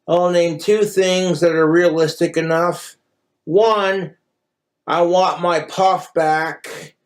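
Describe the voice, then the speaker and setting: A high-pitched man rambles through a crude, profane livestream monologue. He tells his jokes in a put-on mock Cockney accent. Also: fairly even intonation, slow.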